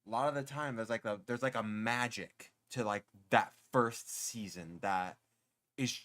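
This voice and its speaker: A man's voice: medium pitch, measured pace, a bit bright. A man streaming, chatting casually and rambling with lots of filler words. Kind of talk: casual gaming stream chat. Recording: game music under the voice. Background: music.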